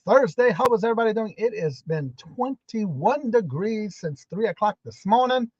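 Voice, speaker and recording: Lively high-voiced man hosting a live stream. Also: normal speed, husky, dry recording, lo-fi sound. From Massachusetts, USA. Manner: lively, repeats hello and welcome for each viewer. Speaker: host. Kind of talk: live-stream chat greeting viewers.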